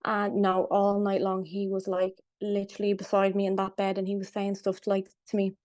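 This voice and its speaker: A young woman telling a personal story as a podcast guest, halting and full of fillers and restarts. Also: mid-range voice, monotone, a little mellow, no echo. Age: young adult.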